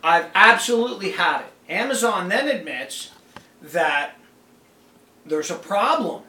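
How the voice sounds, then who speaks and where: Male online seller, high voice, exasperated rant, echoey room. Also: lively intonation, unhurried, sharp tone. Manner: exasperated, indignant, emphatic. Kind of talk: ranting vlog to camera. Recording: roomy echo, mic set back.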